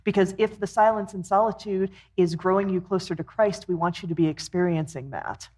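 A middle-aged woman co-hosting a faith-based marriage talk, chatty and warm, quoting scripture. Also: lowish voice, fairly even intonation, a little fast. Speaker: co-host.

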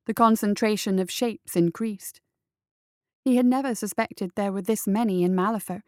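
A woman narrating a fantasy story in a measured, deliberate reading. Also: medium pitch, darkish tone, no echo, clean studio sound. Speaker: story reader.

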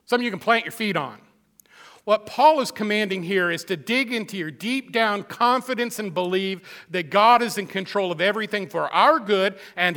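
Male pastor, high bright voice, emphatic sermon with repeated lines and folksy asides. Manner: emphatic, repeats phrases for stress; conversational asides to the congregation.

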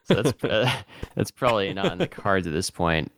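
Deep-voiced man reasoning through a plan. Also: expressive, moderate pace, a bit bright, no room sound, clean studio sound. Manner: methodical, talks through plans step by step. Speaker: guest player. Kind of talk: tabletop game play.

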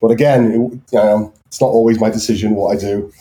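A man's voice: fairly low pitch, fairly even intonation, brisk, noisy background. A man from Wales with an anglicized North Welsh accent, chatting as a guest artist, hesitant and full of ums and restarts. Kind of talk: casual chat.

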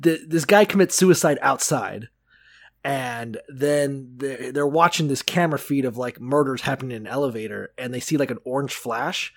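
A man co-hosting a podcast, talking in an animated, profane, joking way, laughing often and slipping into quick voices while telling stories. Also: mid-range voice, creaky. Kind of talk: irreverent comedic chat.

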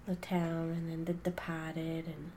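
A woman's voice: deep voice, monotone, a little slow, dark tone, a little hiss or hum. A woman co-hosting a podcast in casual chat, easygoing and rambling with many fillers. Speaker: podcast co-host.

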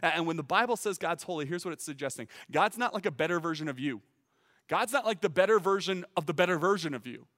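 A man preaching a sermon in an earnest, emphatic way, often repeating words as he starts a phrase. His voice sits a little high for a man. A long hall reverb trails behind him. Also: expressive, quick pace, fairly bright tone. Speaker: teaching pastor.

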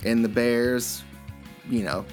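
A man's voice: medium pitch, steady tone, slow pace, music in the background. A man co-hosting a comedy podcast, rambling through stories with crude jokes. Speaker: podcast co-host. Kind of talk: comedic casual chat.

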